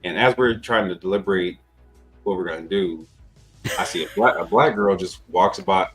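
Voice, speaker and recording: Deep-voiced man telling a rambling story. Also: normal speed, fairly bright tone, faint music behind, low-quality recording. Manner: laid-back, rambling, profane. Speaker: podcast host. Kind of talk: casual storytelling.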